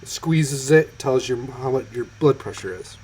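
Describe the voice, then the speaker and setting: Male podcast co-host, middle pitch, casual and halting, restarts lines often. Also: darkish tone, slight background noise, low-quality recording. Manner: hesitant, restarts sentences. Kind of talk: casual chat.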